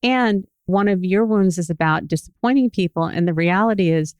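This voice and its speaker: A woman with a notably low voice co-hosts a casual podcast. She speaks in an earnest, reflective way, and the sound is dry and close. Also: moderate pace, darkish tone, no room sound. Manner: earnest, reflective, speaks openly about feelings. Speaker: podcast co-host.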